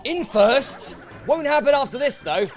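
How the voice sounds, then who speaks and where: Animated British man commenting on a game. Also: extremely high pitch, a little slow, soft background music. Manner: swearing, frustrated outbursts at the game. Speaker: let's play host. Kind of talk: gameplay commentary.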